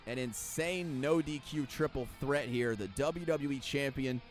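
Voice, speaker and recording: A man's voice: medium pitch, measured pace, soft background music. A man giving play-by-play wrestling commentary over a video game, sarcastic and jokey and swearing freely. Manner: jokey, laughs at what he describes.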